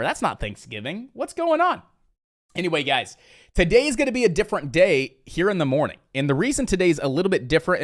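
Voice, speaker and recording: A man from Indiana hosting a casual live trading stream, chatty and energetic, talking straight to his viewers. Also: a little high.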